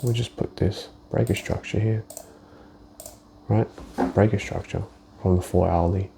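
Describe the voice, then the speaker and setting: A man's voice: lowish voice, steady tone, unhurried, vocal fry, long pauses, noisy background. A man giving a casual walkthrough of his forex trades, thinking aloud and swearing as he goes, with many restarted sentences. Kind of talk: casual screen-share market walkthrough.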